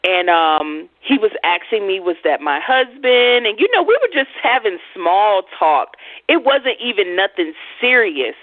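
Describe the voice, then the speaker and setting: A woman host telling a personal story in a blunt, profane, animated way on a casual radio chat. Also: mid-range voice, measured pace, dry recording. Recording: tinny phone-like, dry sound.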